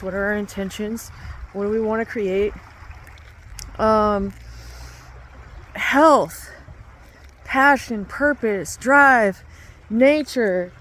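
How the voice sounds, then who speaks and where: A woman, a fitness instructor and aerialist, talking earnestly into her handheld phone outdoors, shivering in the cold, with many fillers and restarts. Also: fairly high pitch. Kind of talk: casual testimonial vlog.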